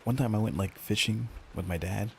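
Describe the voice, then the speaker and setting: A man's voice: fairly low pitch, fairly quick, vocal fry, slight background noise. A male streamer in casual chat with viewers, ranting and joking in a profane, mock-grumpy way.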